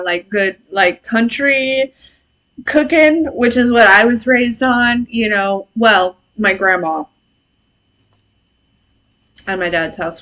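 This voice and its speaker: A woman's voice: medium pitch, bright, forceful tone. A woman in her thirties hosting a casual live intuitive reading, chatty and laughing, swearing casually and answering chat comments. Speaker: intuitive reader and live stream host. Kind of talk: casual live-stream tarot-style reading.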